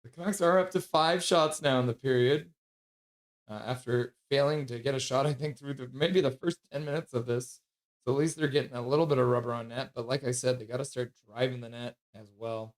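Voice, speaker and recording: A man calling hockey play-by-play on a fan livestream, brisk on the action and joking while reading chat. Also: medium pitch, fairly even intonation. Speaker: play-by-play caller.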